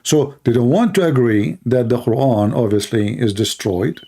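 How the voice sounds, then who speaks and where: A man hosting a call-in livestream, talking casually, mocking and laughing at callers and repeating words in quick bursts. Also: medium pitch, warm tone. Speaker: livestream host taking calls.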